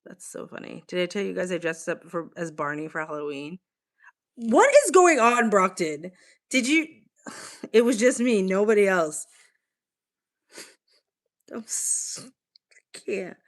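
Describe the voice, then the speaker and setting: A woman's voice: fairly low pitch, measured pace, long pauses. A young woman with a Boston accent, chatting casually on a live stream, swearing freely and answering her chat. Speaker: livestream host. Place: home, on a couch with a blanket.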